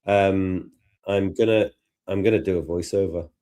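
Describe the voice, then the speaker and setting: A man with a Liverpool accent hosting a live software lesson, chatting and thinking aloud as he works. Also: low voice, fairly even intonation, normal speed. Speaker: tutor and host. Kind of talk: live software tutorial chat.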